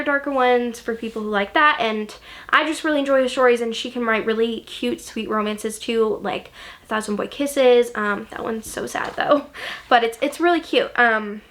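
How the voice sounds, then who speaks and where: A woman's voice: on the high side, fairly bright tone. A young woman chatting casually about books she loves, gushing, with lots of ums and likes. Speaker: book vlogger. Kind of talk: casual chat.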